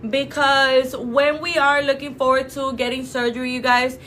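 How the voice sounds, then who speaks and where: A woman's voice: high voice, little pitch movement, normal speed, a bit bright, a little hiss or hum. A woman from a clinic talking casually and emphatically to viewers, full of fillers and "you guys.". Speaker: clinic representative. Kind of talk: casual promotional talk to camera.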